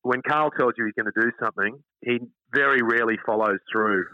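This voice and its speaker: A middle-aged man with an Australian accent, telling casual stories as an interview guest, animated and calling the listener mate. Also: mid-range voice, fairly quick, no room sound. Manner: chatty, animated anecdotes, calls listener mate. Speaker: radio host, interview guest. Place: outdoors at front of his house. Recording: dull lo-fi dry line.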